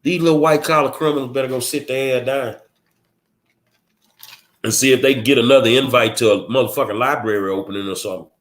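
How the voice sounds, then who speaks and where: A Texan man speaking in a middle-pitched voice, delivering a confrontational monologue. He talks bluntly in a streetwise way and fires off rhetorical questions. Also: quick pace. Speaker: political commentary host.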